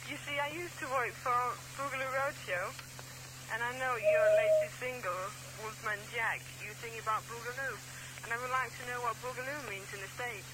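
A woman's voice: on the high side, moderate pace, background noise. A woman calling in to a radio show, asking her question in a polite, earnest way. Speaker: radio caller.

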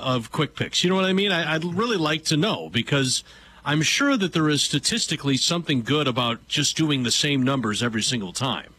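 Bright-voiced man, lively radio co-host. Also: a little high, slight background noise. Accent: Connecticut. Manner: wry quips, thinks aloud. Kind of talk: casual radio chat. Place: radio studio.

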